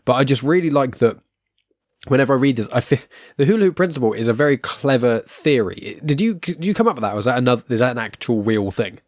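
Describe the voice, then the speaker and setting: A man's voice: mid-range voice, animated, fast, no echo, clean studio sound. A man in his twenties hosting a podcast, chatting casually with frequent restarts and laughs. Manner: rambling, self-interrupting, laughs often. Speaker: podcast host.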